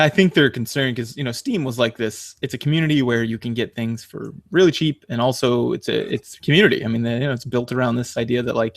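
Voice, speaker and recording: A man's voice: mid-range voice, creaky, no echo, clean studio sound. A man hosting a casual podcast, rambling through fillers and restarts and laughing as he tells stories. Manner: animated storyteller, laughs while talking. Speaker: podcast host. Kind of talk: casual chat.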